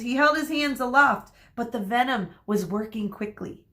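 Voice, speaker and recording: A woman teacher reading a chapter book aloud to children, expressive and addressing them directly. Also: on the high side, moderate pace, hardly any pauses.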